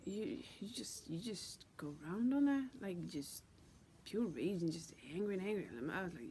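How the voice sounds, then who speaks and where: A woman's voice: lowish voice, lively intonation, moderate pace, mellow, slight background noise. A woman vlogger telling a personal spiritual story, intense and profane, often dropping into a whisper and repeating herself. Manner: many restarts and repeated words.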